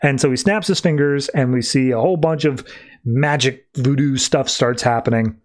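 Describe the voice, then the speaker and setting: A man's voice: mid-range voice, normal speed. A man hosting a podcast, casually recapping a comic book in a rambling storytelling way. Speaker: podcast host.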